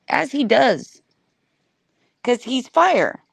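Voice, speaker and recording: A woman chatting casually on a livestream, animated and swearing freely as she talks back to her chat. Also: high-pitched, takes it slowly, creaky, pauses often, no echo. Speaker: livestream host.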